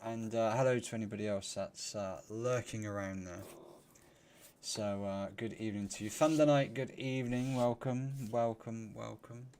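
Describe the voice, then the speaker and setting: In relaxed live-stream chat, a male host with a voice on the low side and a darkish tone greets his viewers by name and laughs a lot. He talks at a moderate pace with fairly even intonation, and there's slight background noise.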